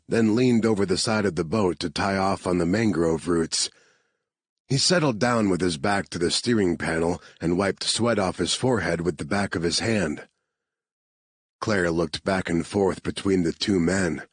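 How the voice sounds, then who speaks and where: A man narrating an audiobook with a low, husky voice. He reads slowly and evenly. The recording is dry and close, with no room sound. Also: no echo. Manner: measured, even reading.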